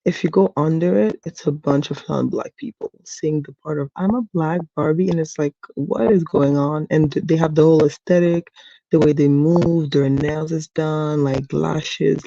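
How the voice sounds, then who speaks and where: A man's voice: on the high side, fairly even intonation, normal speed, creaky, warm tone, no echo. A young man in casual group discussion, chatty and full of "um" and "literally". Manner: chatty, many "um" and "literally" fillers. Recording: dull lo-fi sound.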